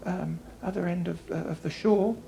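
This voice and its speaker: A woman voicing a small, cheerful female pixie who talks in a high, soothing voice. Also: steady tone, normal speed, creaky, warm tone, a little hiss or hum, rough recording. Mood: reassuring. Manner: soothing, eager to please.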